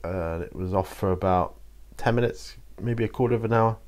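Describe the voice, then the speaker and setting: A man's voice: on the low side, moderate pace, a little mellow. A man hosting his channel, chatting to camera and answering viewer questions in a rambling, hesitant way. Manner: rambling and hesitant, with many fillers and restarts. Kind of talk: casual solo chat to camera.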